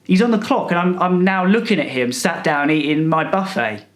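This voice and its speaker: A man rants through a comic monologue, rude and boastful. His voice sits a touch higher than most men's. He sounds sarcastic and fed up throughout. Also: normal speed, reverberant. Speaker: comedic storyteller.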